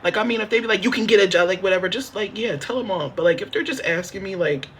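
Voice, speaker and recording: A man's voice: high voice, fast, fairly bright tone, slight background noise. A man chatting on a phone livestream from a motel room, rambling, repetitive and swearing freely as he talks straight to his viewers. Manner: talks straight to chat, half joking. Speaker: livestreamer asking viewers for help. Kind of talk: casual livestream chat.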